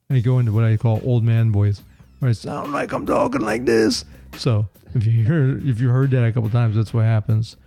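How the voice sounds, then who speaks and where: A man co-hosting a podcast, plain-spoken and relaxed in casual chat. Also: medium pitch. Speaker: podcast co-host.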